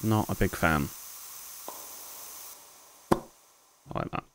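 A man's voice: sits low, drawn-out words, background noise. A young man giving jumpy, self-mocking commentary while playing horror games, with sudden yelps. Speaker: gaming video host.

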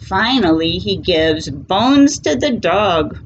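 A woman reading a children's picture book aloud, gentle and expressive. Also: mid-range voice, takes it slowly, muffled recording, noisy background. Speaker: storybook reader.

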